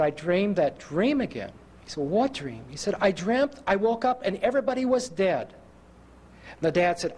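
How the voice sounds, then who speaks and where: A man preaching a sermon, telling a story and acting out the voices of the people in it, slowing down for emphasis. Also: a little high. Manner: animated, acts out quoted voices.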